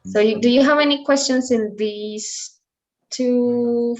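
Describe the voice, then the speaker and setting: A woman's voice: on the high side, slow pace, a little mellow, low-quality recording. A woman who is a native Spanish speaker teaching an online Spanish lesson, explaining patiently with many fillers over a video call.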